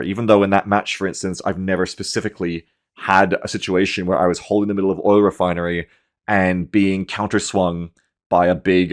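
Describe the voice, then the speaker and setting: A man in his thirties talks through a game replay in a loose, conversational way. His voice sits a little low, and he gets animated, swears freely and acts out his own panicked reactions in quick bursts. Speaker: gaming commentator. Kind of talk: casual match review commentary.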